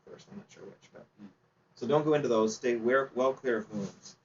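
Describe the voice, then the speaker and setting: A man's voice: mid-range voice, moderate pace. Man, chatty seminar presenter quizzing the room; distant, muffled room recording. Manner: chatty, asks the audience questions, laughs easily. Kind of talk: informal slide presentation to a club audience. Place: meeting room. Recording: distant, dull, faint background noise.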